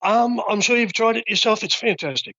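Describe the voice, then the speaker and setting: A high, bright Australian man talks in a relaxed, casual way, often doubling words as he hunts for the next phrase. His voice comes through dry and slightly muffled, like a lo-fi call. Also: a little fast, no echo. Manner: relaxed, repeats words when searching for phrasing. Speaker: guest cruiser. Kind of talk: casual interview.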